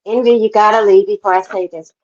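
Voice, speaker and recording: A woman's voice: mid-range voice, fairly even intonation, fast, a little mellow, dull audio. A woman guest on a casual livestream chat, speaking in an emphatic, insistent way. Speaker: guest co-host.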